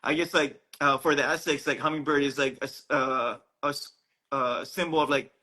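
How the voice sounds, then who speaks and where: A man's voice: medium pitch, steady tone, moderate pace, sharp tone, rough recording. A man from Hawaii hosting a podcast, chatting in an easygoing way with slang like "dude" and frequent restarts. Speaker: podcast host. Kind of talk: casual chat.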